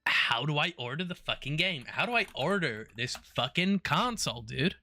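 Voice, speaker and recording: A man's voice: on the high side, expressive, moderate pace, sharp tone. A man streaming, chatting casually, swearing and repeating himself. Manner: cursing, exasperated, repeats himself.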